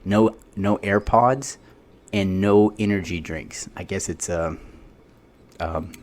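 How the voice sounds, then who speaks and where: A man's voice: sits low, slow pace, a little mellow, slight background noise. A man co-hosting a casual podcast, rambling and joking through sports banter. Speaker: podcast co-host. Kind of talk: casual chat.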